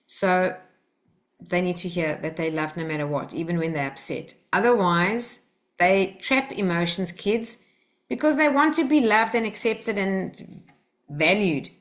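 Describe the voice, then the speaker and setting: A woman teaching a live workshop, coaching the group gently and acting out phrases to say to children. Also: mid-range voice, lively intonation, measured pace. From Australia.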